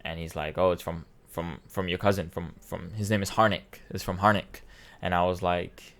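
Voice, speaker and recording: A man's voice: deep voice, normal speed, a bit bright. A man in his twenties, a vlogger, telling a personal story in a rambling, emotional way with many restarts, choked up and near tears. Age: 20s. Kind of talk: casual storytelling.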